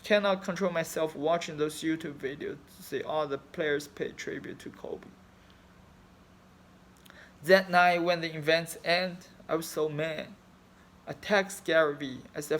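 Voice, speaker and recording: This man's voice is on the high side and a bit bright, with fairly even intonation and a measured pace. A fan in his thirties from China, he speaks non-native, Chinese-accented English in an emotional personal vlog about his grief, rambling, cursing often and using broken phrasing.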